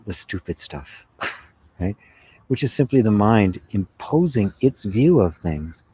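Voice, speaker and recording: A man giving a spiritual satsang talk, reflective and unhurried, often asking "right?" and laughing softly. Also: sits low, slightly rough. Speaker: spiritual teacher. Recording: dull lo-fi sound.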